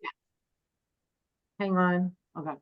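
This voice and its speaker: A woman's voice: on the low side, little pitch movement, takes it slowly, clean tone. A woman hosting a casual movie club chat, reading from her notes and joking with friends. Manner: chatty, jokey, reads from prepared notes. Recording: dull lo-fi sound.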